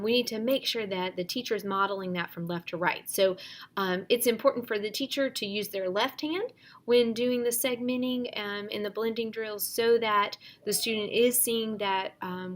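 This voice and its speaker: A woman teacher explaining phonics drills in a measured, instructional way, with frequent fillers. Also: medium pitch, steady tone. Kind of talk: instructional lesson, modeling drills.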